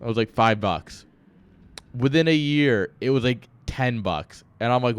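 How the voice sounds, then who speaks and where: Medium in pitch and animated, this man's voice moves at a measured pace with a smooth tone and no room sound. He's an esports caster on a live stream, covering a strategy game while drifting into tangents and joking at his own expense, chuckling along.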